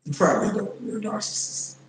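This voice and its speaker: A man's voice: quick pace, roomy sound, rough recording. A man hosting a reaction commentary, talking bluntly and mockingly about a clip he plays. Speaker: commentary channel host.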